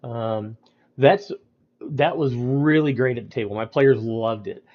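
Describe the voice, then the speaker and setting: A man's voice: medium pitch, measured pace, muffled recording. A man on a livestream explaining tabletop game rules in a casual, rambling way, with lots of ums and restarts. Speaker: storyteller explaining game mechanics.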